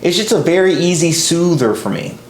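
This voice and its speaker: A man voicing a calm, laid-back young male coworker in a story he tells, easygoing and matter-of-fact. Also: on the high side, normal speed, close to an everyday voice. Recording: roomy echo.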